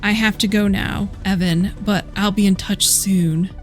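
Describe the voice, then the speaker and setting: A woman's voice: medium pitch, steady tone, measured pace, faint music behind, natural voice. A woman reading as a smug hacker. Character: mysterious taunting male hacker. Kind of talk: reading game dialogue aloud.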